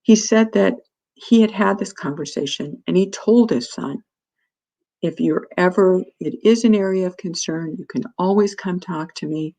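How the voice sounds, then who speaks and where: A woman's voice: lowish voice, moderate pace, warm tone, rough recording. A woman presenting a parent workshop, speaking earnestly and telling stories with quoted dialogue. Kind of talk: lecture to parents.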